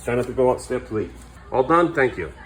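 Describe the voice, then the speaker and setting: A man with an even, middle-range voice, talking the way a dad does to his toddler, patient and coaxing, with chatty asides to the camera. He records a casual home vlog in a family house late at night. A faint hiss of room noise sits under his voice. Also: medium pitch, fast. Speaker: father filming his family.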